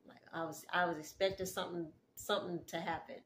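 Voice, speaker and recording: A woman casually telling a dream story in an animated, chatty way, full of asides. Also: fairly low pitch, fast, a little hiss or hum. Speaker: faith vlogger sharing a dream.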